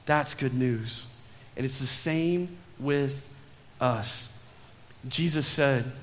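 A male pastor delivers a sermon in a bright, high voice. He swings between emphatic pushes and soft, low drops on key lines. A long reverb hangs behind every phrase, as in a large church sanctuary. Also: animated, slow.

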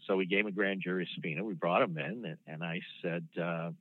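In a casual interview, a guest in his sixties who once worked as a federal prosecutor spins an anecdote about a case, unhurried and peppered with ums and restarts. He sits low in pitch. The sound is a dry phone line with no room sound.

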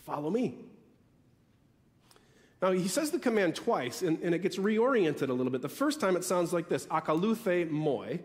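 A man preaching a sermon as pastor, emphatic, repeating key phrases with dramatic pauses. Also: high-pitched, very animated, in a large hall.

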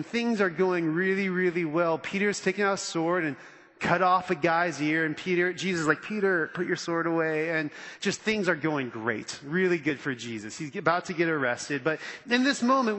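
A man preaching a sermon as pastor, animated and conversational, acting out the quotes he reads. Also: a little high, in a large hall.

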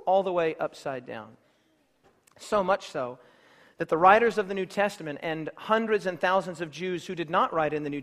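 Male preacher, high-pitched and emphatic, driving home points with repetition, long hall echo. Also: fairly bright tone. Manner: emphatic, rhetorical, builds through repeated phrases. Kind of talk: sermon.

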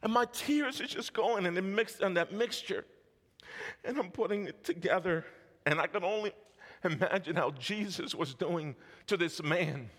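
A male pastor tells a testimony from the pulpit, fervent and full of repetitions and little laughs. His voice is high and bright, and it carries a long hall reverb. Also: lively intonation, normal speed. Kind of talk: sermon testimony.

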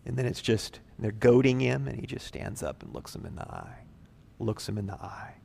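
A male pastor preaching a sermon expressively, swinging from loud emphasis to quiet, near-whispered passages. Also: lowish voice, sing-song, moderate pace, gravelly, slightly rough.

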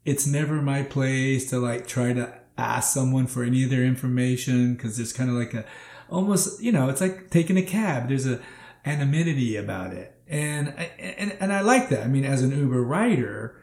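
A man who drives for a rideshare service, telling stories in a casual, animated chat full of "like". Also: mid-range voice, moderate pace. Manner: animated, laughing, leans on "like". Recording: roomy echo.

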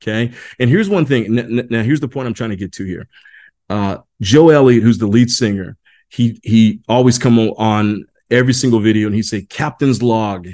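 A man's voice: lowish voice, fairly quick, darkish tone. A man presenting a leadership session on a group video call, talking informally and then reading an article aloud, often restarting and repeating his words.

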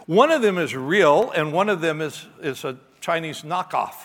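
Animated storytelling pastor in a reverberant hall. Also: male voice, on the high side, normal speed. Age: middle-aged. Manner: animated, self-mocking storyteller. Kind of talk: sermon with storytelling. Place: church hall.

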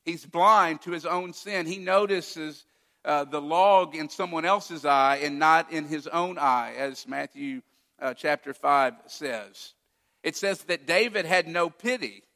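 Speaking slowly in a higher-than-average, sharp voice, this man preaches as a pastor, recounting a story and performing its quoted lines emotionally. Long reverb from a hall surrounds the recording.

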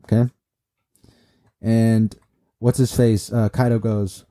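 A man casually recapping a comic chapter, excitable and repetitive, talking straight to his viewers. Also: fairly low pitch, slow pace, no echo, clean studio sound. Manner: excitable, repetitive, speaks to viewers as guys and bro. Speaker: manga recap vlogger.

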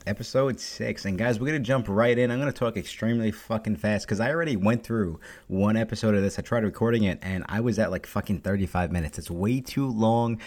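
Young male solo podcast host, deep voice, blunt and heavily profane delivery. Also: darkish tone. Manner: profane, blunt, fast-talking. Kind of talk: casual solo podcast monologue.

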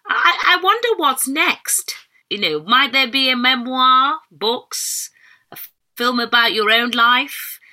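A middle-aged woman hosting a law interview podcast, effusive and warm in her praise. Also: sits high, animated, slow. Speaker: podcast host.

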